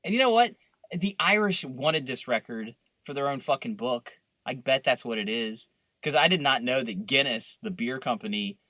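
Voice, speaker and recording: Bright-voiced guy ranting and cussing on a podcast, dry close sound. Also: mid-range voice, no echo. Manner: riffing, profane, animated rants. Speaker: podcast co-host. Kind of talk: casual podcast banter.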